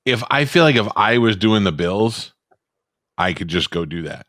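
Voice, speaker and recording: A man's voice: lowish voice, lively intonation, moderate pace, fairly bright tone, dry recording, clean studio sound. A man co-hosting a podcast, telling profane stories about marriage in casual chat. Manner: profane, storytelling banter. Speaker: podcast co-host.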